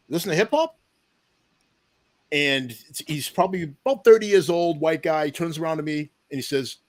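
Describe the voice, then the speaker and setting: A man in his forties telling a long personal story in an interview, acting out the voices of the people in it. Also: on the high side. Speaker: deputy police chief, podcast guest.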